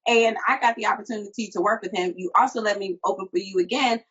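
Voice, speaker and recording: A woman's voice: medium pitch, quick pace, a bit bright, slightly rough. A woman hosting an interview show, asking eager, admiring questions. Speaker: show host. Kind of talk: interview chat. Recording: dull lo-fi audio.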